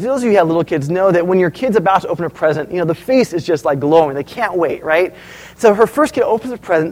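Male pastor, high tenor, lively storyteller delivering a sermon to his congregation. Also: poor audio. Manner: storytelling, animated, asks the audience questions.

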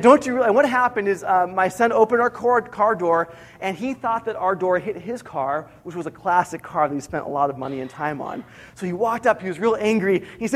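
A middle-aged man preaching a sermon, earnest, slowing down to repeat each key point for emphasis. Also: sits high. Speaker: pastor.

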